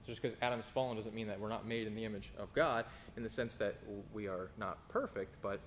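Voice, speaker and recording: Male pastor in his thirties, emphatic sermon delivery, faint rumble in the room. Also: brisk. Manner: emphatic preaching, rising for scripture, dropping low for anecdotes.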